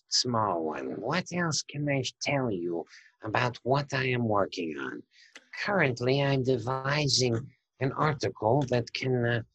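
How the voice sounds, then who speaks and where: Emil, a man doing a soft sinister villain. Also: medium pitch, husky, no echo, exaggerated voice. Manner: slow, soft, menacing. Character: calm sinister male villain plotting bombings. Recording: dull lo-fi recording.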